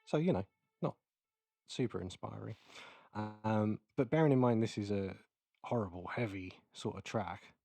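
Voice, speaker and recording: A man giving a casual, explanatory keynote while demonstrating audio software, with many fillers. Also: fairly low pitch, normal speed, gravelly, dry recording, soft background music. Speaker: keynote presenter. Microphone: close mic into recording software.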